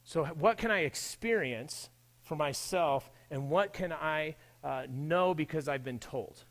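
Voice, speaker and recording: A man's voice: on the high side, measured pace. A man preaching a sermon in a church, talking in a conversational way and addressing his listeners directly. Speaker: pastor.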